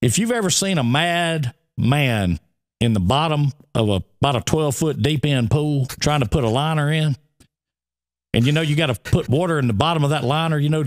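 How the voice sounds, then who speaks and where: A man, co-hosting a radio show and telling a long funny story in casual chat, often breaking into laughter. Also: a little high. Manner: animated, laughing storyteller with a Southern drawl.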